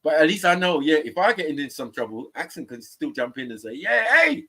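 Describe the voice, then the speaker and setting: Male stream host, slangy and teasing, bouncy pitch, sits a bit high. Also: expressive, fast talker, fairly bright tone. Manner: teasing, slangy, breaks into voices and song. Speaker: livestream host. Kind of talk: casual banter.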